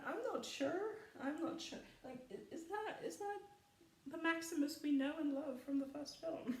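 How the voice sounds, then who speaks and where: Here a woman offers loose, spoken film commentary for her vlog, full of fillers and frequent laughs as she rambles. She has a high voice, captured off-mic at a distance in a room with echo.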